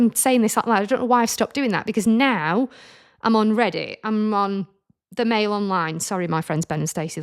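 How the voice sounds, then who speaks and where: Chatty self-deprecating woman in her forties. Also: medium pitch. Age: 40s. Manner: chatty, self-deprecating, animated retelling with frequent restarts. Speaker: podcast host. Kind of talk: candid personal storytelling.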